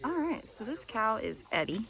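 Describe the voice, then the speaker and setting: A young woman vlogging at an outdoor farm sanctuary, chatty and excitable, cooing at the animals. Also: fairly high pitch, normal speed, gravelly. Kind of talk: casual vlog narration.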